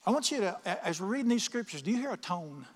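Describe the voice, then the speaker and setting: A middle-aged man preaching a sermon as pastor, reading scripture slowly and questioning his congregation with emphasis. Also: high voice, sing-song. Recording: long reverb of a large hall.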